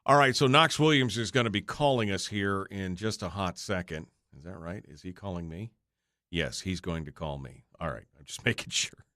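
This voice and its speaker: A man's voice: low voice, moderate pace, sharp tone, no echo, clean studio sound. A male radio talk show host chatting off the cuff with his online audience during a break, rambling and joking at his own expense, tired and yawning. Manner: rambling, self-deprecating, joking with chat. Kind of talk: off-the-cuff livestream chat.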